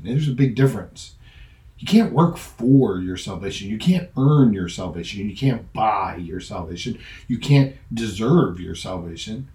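A pastor and podcast host speaks a little slowly, his fairly low voice warm and expressive, with a roomy echo around it. His sermon is conversational, going from a personal story to earnest instruction full of emphatic repetition.

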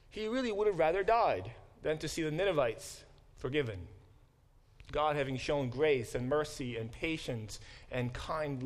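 A man, a biblical studies professor, giving a classroom lecture, pausing to unpack Hebrew words and acting out quoted speech with dramatic emphasis. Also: on the high side.

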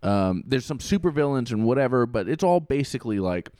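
A man's voice: medium pitch, very animated, brisk, warm tone, no echo, clean studio sound. A young man co-hosting a casual podcast, rambling with many restarts and the odd swear word. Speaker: podcast co-host.

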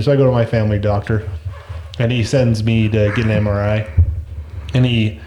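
A man's voice: medium pitch, moderate pace. Guy rambling through a story, laughs a lot, echoey room. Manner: animated, laughs often, repeats words. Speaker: guest telling a story. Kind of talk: casual storytelling chat. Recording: echoey room, faint noise.

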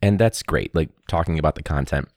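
A man who teaches hosts his own solo podcast, talking casually in a candid, rambling, wry way. His rumbling low voice is brisk and darkish, recorded with no echo on a studio mic with a pop filter.

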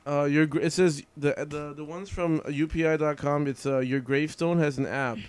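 A laid-back man tells a story in a casual podcast chat. He hesitates and trails off mid-sentence. His voice sits a little high for a man. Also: fairly even intonation, normal speed, clean tone.

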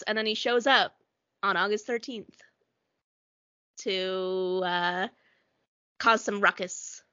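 Animated woman cohost chatting, acts out quotes, bright sharp voice, dry muffled audio. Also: medium pitch, takes it slowly, pauses often, no echo. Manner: animated, keeps acting out little quotes. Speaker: podcast co-host. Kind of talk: casual chat.

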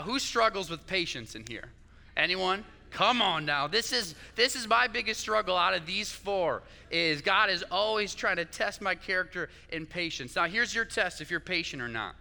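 A man's voice: sits high, vocal fry, pushed and bright, long reverb tail. A young man preaching a sermon, conversational and chatty, often asking his listeners "right?". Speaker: pastor.

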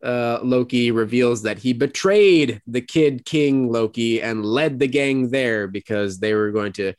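A man co-hosting a podcast, recapping an episode in a rambling casual way and acting out quoted lines in high voices. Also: a little slow, a little mellow, smooth, dry recording, studio quality. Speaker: podcast co-host.

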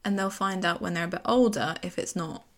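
A young woman co-hosting a podcast, chatting excitedly as she recaps a TV episode. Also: fairly low pitch, brisk. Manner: chatty, excitable, acts out character quotes. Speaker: podcast co-host. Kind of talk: casual TV recap chat.

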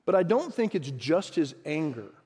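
A man preaching a sermon with a fairly high voice, speaking casually and turning to his listeners with questions. His words ring out with a long reverb, as in a large hall. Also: big pitch swings, moderate pace, darkish tone, husky. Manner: conversational preaching with asides to the congregation. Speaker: pastor.

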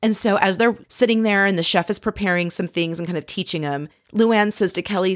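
A woman's voice: medium pitch, fairly quick, hardly any pauses, no echo, clean studio sound. A woman giving casual commentary on a reality show, blunt and sarcastic. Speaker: reality TV recapper.

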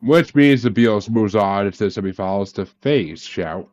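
Lower-voiced male host, swears a lot, keeps an excited group chat moving. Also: normal speed, lo-fi sound. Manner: profane and enthusiastic. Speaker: podcast host.

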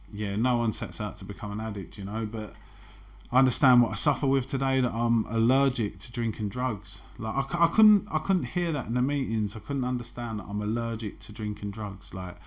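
Man, 40s, lowish voice; blunt, sweary personal testimony. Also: normal speed. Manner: blunt and frank, swears freely. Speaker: guest telling his recovery story.

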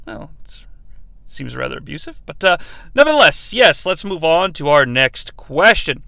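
Male comedy podcast host, mock-earnest, high lively pitch, gravelly, dry close mic. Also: normal speed, no room sound. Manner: overly polite, formal, mock-earnest. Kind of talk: comedy podcast, reading listener questions.

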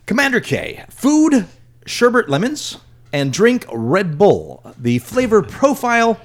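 A man reads a listener's email aloud on a group podcast, slightly high and swinging widely in pitch. His delivery is dry and measured, like a casual co-host taking his time with each line. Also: wildly swooping pitch.

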